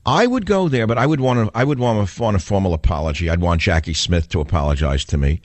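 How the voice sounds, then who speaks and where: Low-voiced New York talk radio host. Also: male voice, animated, fast talker, darkish tone, dry recording. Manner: combative, sarcastic, rhetorical questions. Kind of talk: opinionated talk radio monologue.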